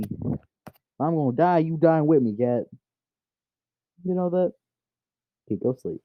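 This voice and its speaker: A man's voice: fairly high pitch, lively intonation, unhurried, long pauses, no echo. A man hosting his channel, casually narrating a story while getting distracted, swearing at and teasing his cat at home. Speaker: channel host. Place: home room. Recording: dry, tinny phone-like sound.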